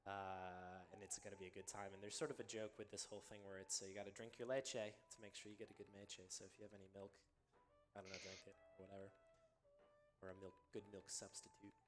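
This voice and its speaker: Relaxed low-voiced man explaining gameplay. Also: quick pace, over music. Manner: relaxed, explanatory, many ums and uhs. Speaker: speedrunner. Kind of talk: live commentary while playing.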